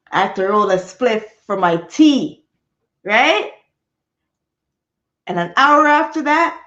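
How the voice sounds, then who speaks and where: A woman's voice: high voice, fairly bright tone, muffled recording. A woman telling a rambling story to her live chat in a chatty way, laughing easily. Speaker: vlogger.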